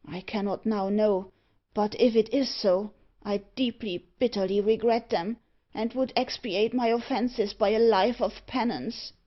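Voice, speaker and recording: A woman's voice: medium pitch, muffled recording, lightly acted. A woman voicing a tormented young male captive in an audiobook, pleading and overwrought.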